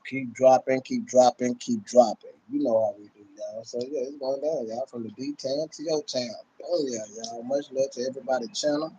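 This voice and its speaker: A man's voice: mid-range voice, a little fast, hardly any pauses, dark tone, husky, muffled recording. A man chatting loosely and calling out to his viewers on a home livestream. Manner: laid-back, loose talk, calls out to viewers constantly. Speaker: livestream host. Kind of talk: casual livestream chat.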